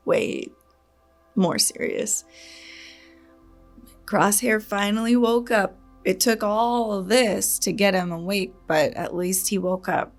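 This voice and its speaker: A woman hosting a reaction channel. She talks in a casual, earnest, rambling way, with nervous laughs when she gets upset. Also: mid-range voice.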